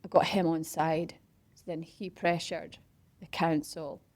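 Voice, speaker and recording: Animated woman telling a story. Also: deep voice, unhurried, dry recording. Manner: animated, acts out quoted voices and whispers for effect. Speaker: interview guest, parkrun organiser. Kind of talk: casual storytelling.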